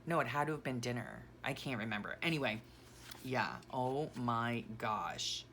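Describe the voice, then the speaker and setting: A woman's voice: extremely low pitch, expressive, normal speed, fairly bright tone, a little hiss or hum. A middle-aged woman vlogging casually while packing, sentimental and gushing, rambling with self-correcting asides.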